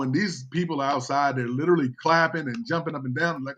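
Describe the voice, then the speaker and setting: A man's voice: a little high, fast talker, a bit bright. A man on a video call telling a funny family story, chuckling often, full of fillers, and mimicking his relatives. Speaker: guest storyteller.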